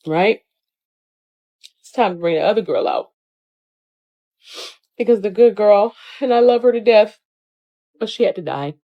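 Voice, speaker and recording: A woman's voice: mid-range voice, animated, measured pace, pauses often, lo-fi sound. A woman in her forties giving an intense, emotional monologue that builds in force.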